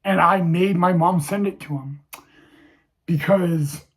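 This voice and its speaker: A man's voice: sits high, husky. Emotional young man telling a personal story. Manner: halting, with many restarts and fillers. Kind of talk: personal story told to viewers.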